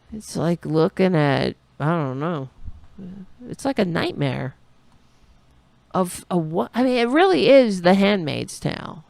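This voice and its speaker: A woman's voice: sits low, vocal fry, dry recording. A woman hosting a political talk show, giving sarcastic, rambling live commentary on a speech.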